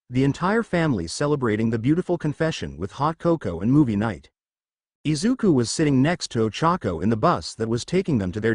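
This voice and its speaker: A man narrating a fan fiction story aloud in a lively storytelling manner. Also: medium pitch, no echo, studio quality.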